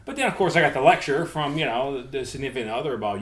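A middle-aged man hosting a casual podcast chat, a loud, animated storyteller who swears freely. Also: medium pitch, rapid-fire, echoey room, noisy background. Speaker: podcast host.

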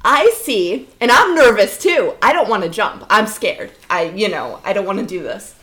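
A woman's voice: mid-range voice, normal speed. A woman in her twenties telling a funny story in casual chat, acting out the people in it. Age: 20s. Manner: animated storyteller, acts out voices in her stories. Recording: roomy echo.

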